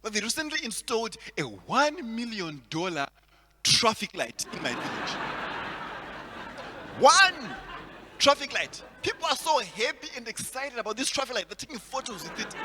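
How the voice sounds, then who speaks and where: A man from Zimbabwe doing stand-up comedy, animated, repeating words and laughing at his own jokes. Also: very high-pitched, unhurried, pauses often, big-room sound.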